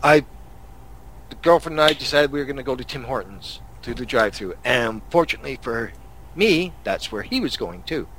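A man's voice: mid-range voice, expressive, a little fast, background noise. A man from Canada hosting a podcast, telling angry road-rage stories in a profane, casual rant. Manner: angry, swearing storyteller. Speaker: podcast host.

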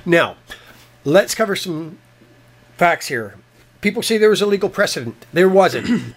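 A man's voice: high voice, fairly bright tone. A Canadian man co-hosting a podcast, delivering blunt, profane political commentary in a combative tone. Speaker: podcast co-host.

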